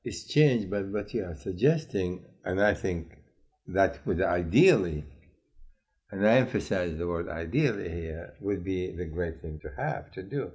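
A man's voice: low-pitched, animated, normal speed, few pauses, a little mellow. A male interviewer in a news discussion, questioning in a skeptical, emphatic way.

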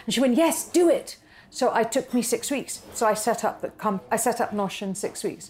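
A woman's voice: fairly high pitch, very fast, slight background noise. A middle-aged woman, a company founder, telling her story in an interview and acting out the voices of the people in it. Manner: animated, acts out quoted dialogue.

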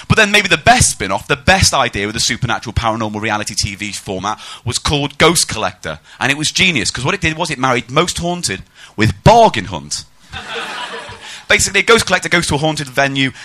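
Male stand-up, animated and mocking, bright and pushy. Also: mid-range voice. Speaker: stand-up comedian. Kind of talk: live stand-up comedy set.

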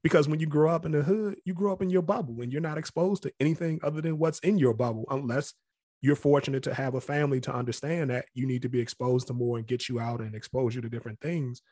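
This is a man talking in a relaxed interview, reflective and candid about his past, with a mid-range voice. He often slips into other people's voices to act out what they said. The recording sounds close and dry. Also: medium pitch, fast, no echo. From Capitol Heights area near Washington, D.C. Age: adult past college age. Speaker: interview guest. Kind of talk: casual storytelling interview.

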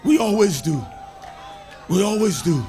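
A man preaching a sermon with exuberant shouts, laughter and cries of praise. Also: high voice, animated, unhurried, faint music behind, a faint crowd.

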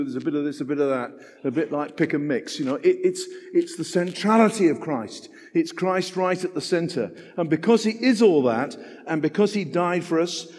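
Older man preaching in echoing hall. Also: fairly high pitch. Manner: animated, conversational, self-deprecating asides. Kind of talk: sermon.

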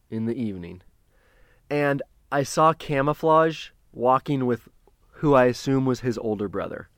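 Animated man telling a story, dry sound. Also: mid-range voice, no echo. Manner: animated, acts out quotes in a raised voice; swears casually. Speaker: podcast host. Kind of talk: casual storytelling.

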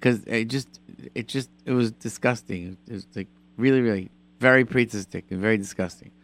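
A man hosting a call-in radio show, chatting with callers and telling animated stories with lots of repetition. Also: lowish voice, brisk. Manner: animated storyteller, repeats himself for emphasis. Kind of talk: call-in radio chat and storytelling.

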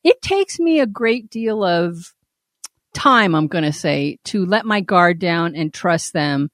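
A woman co-hosting a candid casual chat, telling stories with animated swoops and frequent laughs. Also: on the low side, takes it slowly, no room sound, clean studio sound. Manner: animated storyteller, swoops up when quoting; laughs often. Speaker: podcast co-host.

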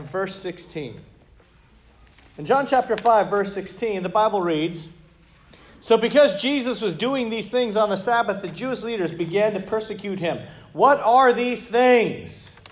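High-voiced animated male preacher. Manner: animated, conversational preaching with rhetorical questions. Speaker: pastor. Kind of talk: sermon.

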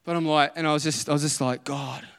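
A man's voice: on the high side, steady tone, racing, fairly bright tone, smooth. A man, preaching a conversational sermon and acting out little dialogues as he tells stories. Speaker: pastor. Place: church auditorium. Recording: long hall reverb.

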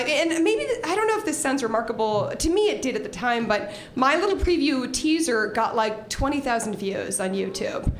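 A young woman telling a funny story on a live stage, laughing and acting out her own screams as she goes. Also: high voice. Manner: animated, laughing, acts out screams. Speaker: storyteller guest. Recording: roomy live venue with crowd. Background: audience.

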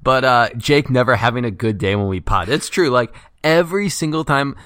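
A man co-hosting a casual podcast, reading out listener write-ins quickly and joking with his co-host. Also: medium pitch, fairly bright tone, no room sound, clean studio sound.

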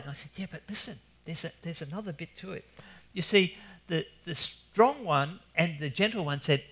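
A man recounts a story with animated delivery. He acts out the characters' lines and sometimes rises to loud cries. His voice sits a little above the usual male pitch. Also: moderate pace. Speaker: Christian speaker telling an anecdote. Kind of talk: storytelling talk.

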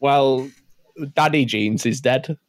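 A man's voice: medium pitch, slow pace, no room sound, clean studio sound, lightly acted. A man voicing an awkward warrior lord who fumbles his words. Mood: explaining. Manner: hesitant, fumbling. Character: bumbling male warrior lord, awkward and hesitant.

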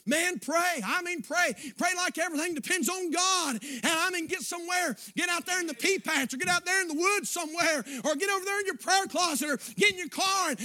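A man preaching a sermon in a folksy way, dropping to quiet asides and rising to shouts. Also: extremely high pitch. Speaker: pastor.

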